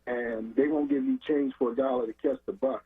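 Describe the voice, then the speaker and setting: A man's voice: medium pitch, steady tone, brisk, husky. A man calling in to a radio show, earnest, laying out long everyday scenarios. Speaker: caller. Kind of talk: call-in radio. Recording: phone-line call-in.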